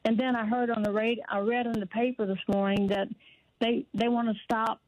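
A woman's voice: fairly high pitch, level tone, a little fast, dry recording. An older woman calling into a radio talk show, telling her story in an earnest, rambling, indignant way. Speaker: caller. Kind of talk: phone call to a talk show. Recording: dull dry phone line.

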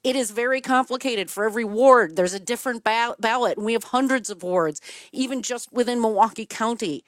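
A woman's voice: a little high, fairly quick, dry recording, clean studio sound. A woman from Wisconsin answering listener questions as a political commentator, in an emphatic, detailed, earnest way. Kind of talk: explanatory talk.

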